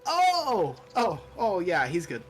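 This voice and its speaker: A storyteller putting on the voice of an excited male bank manager who bursts out loudly. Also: medium pitch, normal speed, soft background music, pitched above the performer's own voice, close to an everyday voice.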